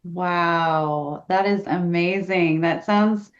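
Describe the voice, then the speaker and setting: Slow-speaking woman interviewer. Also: fairly low pitch. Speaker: interviewer, editor. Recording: slightly dull lo-fi audio.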